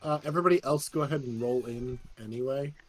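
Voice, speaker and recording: A man running the game keeps things moving with quick, practical directions to his players. His voice is mid-pitched, with a faint hiss under it. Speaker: game master. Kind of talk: casual chat running a game.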